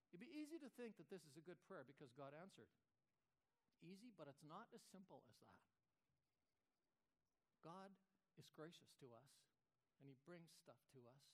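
A male pastor preaching a sermon, asking rhetorical questions and often restarting his words. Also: a little high.

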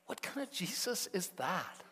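A man preaching a sermon, with slow, deliberate phrasing that swings between hushed passages and emphatic peaks. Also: high voice, sing-song, breathy edge, big-room sound. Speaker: pastor.

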